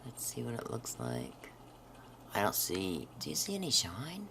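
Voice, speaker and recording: A woman hosting a craft video, chatting to viewers while she swatches pens and dropping into soft half-whispered asides. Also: a bass voice, wildly swooping pitch, unhurried, gravelly, slight background noise. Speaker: craft channel host. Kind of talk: casual swatching narration.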